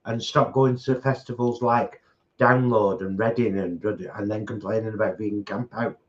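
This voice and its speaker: A man's voice: on the low side, fairly even intonation, moderate pace. A middle-aged man co-hosting a casual mukbang chat, blunt and outspoken, mocking his critics. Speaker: co-host. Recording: slightly dull home recording.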